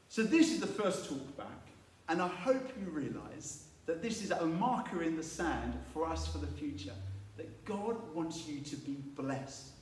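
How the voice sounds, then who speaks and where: A man preaching a sermon, telling Bible stories with lively acted-out voices. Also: fairly high pitch, a little slow. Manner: animated storytelling, acting out biblical voices. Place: church. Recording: echoey room, mic at a distance.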